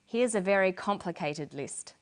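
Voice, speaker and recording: A middle-aged woman presenting an English lesson in scripted narration, explaining clearly and deliberately. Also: mid-range voice, animated.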